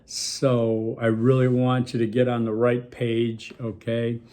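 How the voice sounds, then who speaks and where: A man's voice: mid-range voice, completely flat delivery, takes it slowly, dark tone. A man from Milwaukee, a college instructor recording a casual video lecture for his class, full of fillers and constant "okay?" check-ins.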